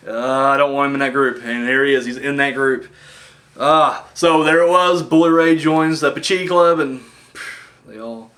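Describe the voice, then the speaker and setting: A man casually recapping wrestling matches, rambling with lots of fillers and getting excited as a fan. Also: medium pitch. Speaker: wrestling review host.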